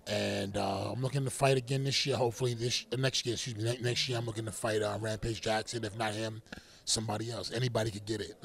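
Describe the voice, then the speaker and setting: A middle-aged boxer, appearing as an interview guest, tells stories casually in a gravelly, lowish voice. He's animated and laughs a lot, quick to burst into loud catchphrase shouts.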